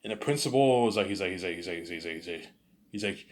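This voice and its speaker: A man's voice: sits low, animated, fast talker. A young man telling a story in casual talk, rambling, repeating words and saying "you know what I'm saying" often.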